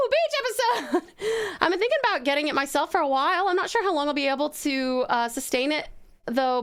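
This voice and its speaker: A woman's voice: very high-pitched, a bit bright. A woman streaming live, gushing thanks at her viewers with sweet pet names. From Tasmania, Australia. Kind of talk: live game stream chat.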